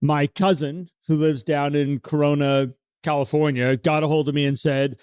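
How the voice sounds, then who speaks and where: A man co-hosting a podcast in casual conversation, animated and acting out the voices he quotes. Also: a little high, normal speed, smooth, no echo, studio quality. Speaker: podcast co-host.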